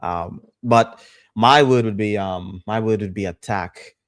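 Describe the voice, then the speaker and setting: A man's voice: fairly low pitch, unhurried, dry recording, clean studio sound. A man on a podcast panel, talking football in a casual, emphatic way, repeating his points with lots of fillers.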